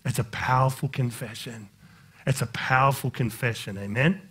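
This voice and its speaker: A man's voice: fairly even intonation, moderate pace, a bit bright, husky. A male pastor preaching a sermon, joking with the congregation and rising into impassioned preaching. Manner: jokey, conversational, talks directly to the congregation; builds into impassioned, high-pitched preaching.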